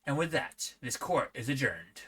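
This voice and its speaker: A woman voicing a stern older male judge in a video game, speaking slowly and formally. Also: rumbling low, big pitch swings, very noisy. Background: loud game music.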